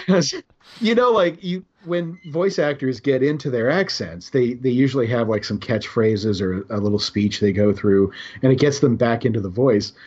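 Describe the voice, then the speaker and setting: Husky-voiced man chatting on a podcast. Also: mid-range voice, moderate pace, darkish tone, dull audio. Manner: chatty, laughing, rambling asides. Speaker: podcast co-host. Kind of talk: casual chat.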